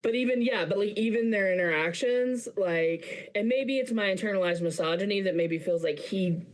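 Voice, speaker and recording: A woman's voice: medium pitch, moderate pace. A woman co-hosting a podcast, chatting casually about films and hedging with lots of "like". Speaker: podcast co-host. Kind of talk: casual movie-review chat.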